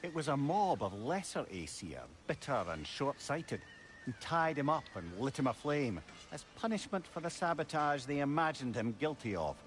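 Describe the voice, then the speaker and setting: An actor playing a wise, talkative old male adviser who tells tales in a lively, dry-witted way. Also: mid-range voice, normal speed, a little hiss or hum, natural voice. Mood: storytelling. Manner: lively storytelling, dry wit.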